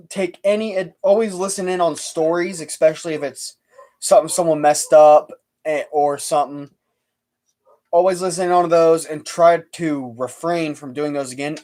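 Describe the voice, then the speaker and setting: A man's voice: on the high side, darkish tone. A young man hosting a casual livestream chat, rambling and laughing easily. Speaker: livestream host.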